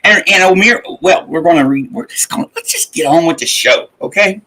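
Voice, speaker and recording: On a roughly recorded morning stream, a male host with a fairly high, pushed and bright voice talks fairly quickly with lively intonation. He greets his chat chattily, rambling, laughing and swearing along the way.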